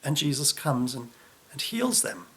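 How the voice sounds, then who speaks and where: A man delivering a reflective sermon, unhurried, often dropping soft and low at the ends of phrases. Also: sing-song. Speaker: preacher.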